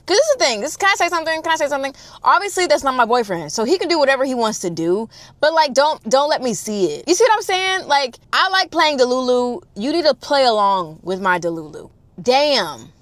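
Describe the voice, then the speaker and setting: Animated young woman telling a storytime. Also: a little fast. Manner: animated, swinging between loud exclamations and hushed low asides; addresses listeners directly, slangy and profane. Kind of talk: casual storytime chat.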